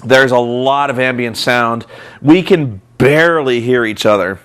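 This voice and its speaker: A man's voice: mid-range voice, a little slow, fairly bright tone, clear, resonant tone. A man hosting a vlog, telling a rambling, profane, self-mocking story. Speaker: vlog host and reviewer.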